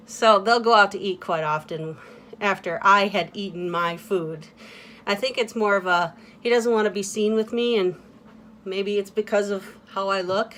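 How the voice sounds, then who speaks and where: Woman vlogger, casual confessional talk, halting and subdued, mid-range pitch. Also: fairly bright tone, a little hiss or hum. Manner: candid and halting, with many fillers and restarts.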